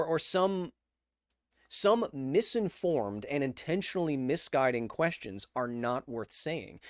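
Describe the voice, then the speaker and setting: A man in his thirties hosting a casual podcast live stream, reading viewer questions and answering with animated, opinionated emphasis. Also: dry recording, clean studio sound. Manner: animated and opinionated, with emphatic swings in pitch and volume.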